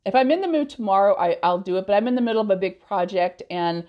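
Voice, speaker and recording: A woman's voice: mid-range voice, lively intonation, fast, muffled recording. A woman hosting a casual live question-and-answer stream, chatty, laughing often and blunt with trolls. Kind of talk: casual live-stream chat reading comments.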